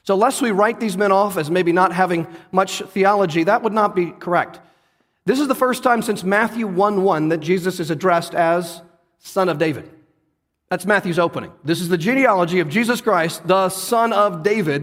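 A man's voice: sits high, normal speed, a bit bright. A man pastor preaching a sermon in a church, earnest and conversational, often turning to the listeners with questions. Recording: long hall reverb.

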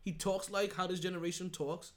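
A man's voice: sits high, steady tone, fairly quick. A man hosting a sports podcast solo, talking casually and emphatically, rambling with restarts and asking "right?" often. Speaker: podcast host.

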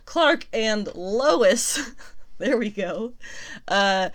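A young woman hosting pop culture news runs through the latest comic book updates in a loose, animated, chatty way, never sounding scripted. She laughs a lot, stretches out some words, and stumbles on a name before correcting herself mid-sentence. Her pitch sits at an ordinary middle range for a woman.

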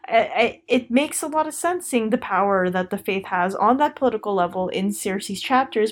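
A woman co-hosting a podcast, chatting casually about a book with lots of fillers and frequent laughter. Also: mid-range voice. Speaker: podcast co-host. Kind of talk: casual book discussion chat.

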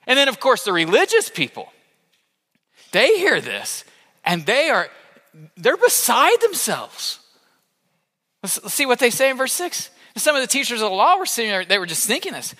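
Animated high-voiced male preacher in a hall. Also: moderate pace. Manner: animated storytelling, acts out the people in the story. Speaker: pastor. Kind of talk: sermon.

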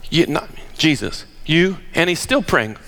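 An older man preaching a sermon, emphatic and animated, firing rhetorical questions at the congregation. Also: on the high side, a little slow. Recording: long hall reverb.

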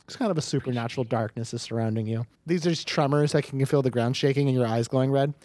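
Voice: medium pitch, fast talker, darkish tone, no echo. A game master narrating a tabletop game, talking in a rambling way with many fillers and restarts.

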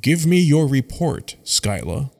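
A man voicing a stern but compassionate furred male tribal chief who speaks in a measured, commanding way. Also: fairly high pitch, sing-song, vocal fry, a little mellow, long reverb tail, pitched above the performer's own voice, full character voice.

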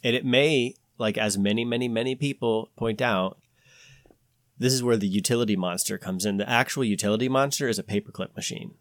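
A man hosting a podcast, talking in a rambling, animated way with many restarts. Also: mid-range voice, fairly quick, no room sound, clean studio sound. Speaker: podcast host. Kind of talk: casual podcast chat.

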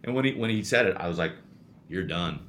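A low-pitched man with a bright, forceful edge, chatting as a youth baseball coach. He tells stories in animated bursts, full of restarts and repeated words. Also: rapid-fire, slight background noise. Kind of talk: casual chat.

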